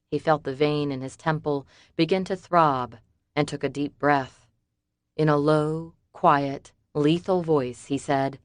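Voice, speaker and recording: In a dry, studio-quality recording, a low-pitched female narrator delivers scripted audiobook narration. Her reading stays measured and even throughout.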